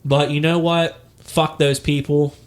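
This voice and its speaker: A young man with a slightly high voice co-hosts a crude, casual podcast. He jokes with sarcastic dark humor and laughs often. His talk is loose and conversational. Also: level tone, measured pace. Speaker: podcast co-host.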